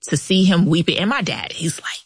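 A woman's voice: on the low side, a little fast, breathy edge, no room sound. Candid woman author telling her story. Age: adult past thirties. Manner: candid, animated retelling with quoted dialogue. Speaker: guest author. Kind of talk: casual interview storytelling.

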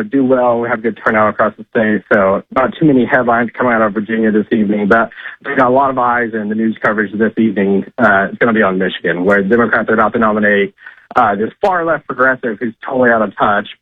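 A man's voice: on the low side, fast, dry recording. A man calling in as a political correspondent, talking conversationally with many fillers. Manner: conversational, frequent "uh" and "I mean". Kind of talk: call-in political commentary. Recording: tinny phone line.

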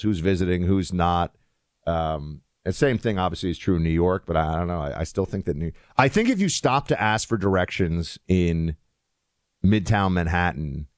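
A man hosts a show in loose, chatty commentary. His voice sits on the low side but swings widely in pitch. The sound is dry and close. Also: dry recording. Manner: chatty, animated, frequent fillers and restarts. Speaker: show host. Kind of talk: casual commentary.

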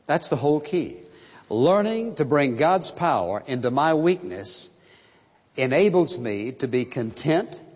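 A man preaching a sermon, slow and emphatic, repeating key phrases for stress. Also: on the high side, husky. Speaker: pastor. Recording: muffled sound in a reverberant hall.

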